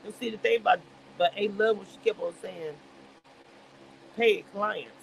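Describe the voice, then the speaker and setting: A man's voice: sits high, fast talker, creaky, slight background noise, low-quality recording. A man casually recapping a reality show on a livestream, telling it animatedly with playful slang and acting out what people said. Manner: animated storytelling, dramatic voicing of quotes. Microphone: livestream webcam mic.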